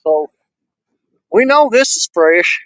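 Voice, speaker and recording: A man with a high voice talks to his viewers in an easy, folksy way while he works outdoors by the river. He sounds a bit out of breath from hauling gear. The camera mic is dull and lo-fi, and his voice sounds close and dry. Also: very animated, takes it slowly, fairly bright tone, no echo. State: out of breath from walking. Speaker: fishing vlogger. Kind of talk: casual outdoor vlog.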